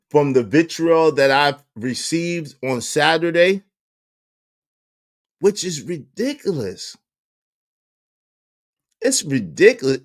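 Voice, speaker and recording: This commentary channel host is a high-voiced man ranting in exasperation to a live chat. Putting on voices to mock critics, he hammers phrases through repetition and chuckles between lines.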